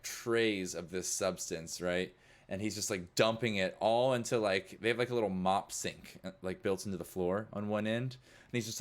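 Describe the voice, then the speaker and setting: A young man narrating as game master, rambling with lots of fillers. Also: low voice. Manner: rambling, many fillers like "like" and "you know".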